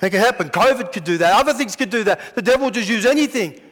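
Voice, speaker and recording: A man preaching a sermon as pastor, telling stories in an animated way and acting out the scenes. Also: high-pitched, quick pace. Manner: animated storytelling, acts out scenes. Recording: long hall reverb.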